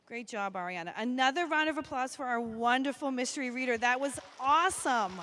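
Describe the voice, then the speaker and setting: A woman's voice: high-pitched, a little fast, bright, forceful tone, a little hiss or hum. A woman on school staff addressing young children at an assembly in an upbeat, encouraging manner.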